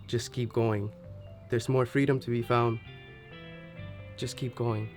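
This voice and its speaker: An actor narrating as a brooding wandering drifter in a film voice-over, slow and reflective. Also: male voice, mid-range voice, little pitch movement, lightly acted. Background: music.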